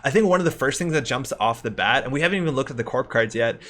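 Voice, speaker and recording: A young man co-hosting a livestream, talking fast and casually about card game strategy with lots of fillers. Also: mid-range voice. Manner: fast, animated, filler-heavy analysis. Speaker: co-host discussing card game.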